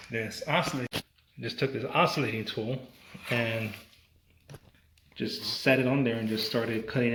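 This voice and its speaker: A man narrating his home renovation work in a casual how-to style, relaxed and chatty, with frequent ums and asides to viewers. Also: medium pitch. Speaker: DIY home renovation vlogger. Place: indoors in a small room under renovation. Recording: echoey room, faint noise.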